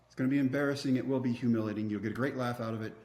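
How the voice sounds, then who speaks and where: A man in his fifties from Texas, a podcast guest telling a story in an animated way, acting out dialogue with wry, self-mocking humor. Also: medium pitch, very fast, a little hiss or hum. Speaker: podcast guest, former pitcher. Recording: roomy echo.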